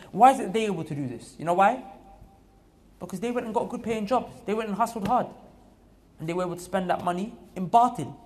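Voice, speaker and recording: A man preaching to a gathering in a mosque, emphatic and repetitive, often building up to loud exhortation. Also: sits high. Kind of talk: mosque talk. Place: mosque hall.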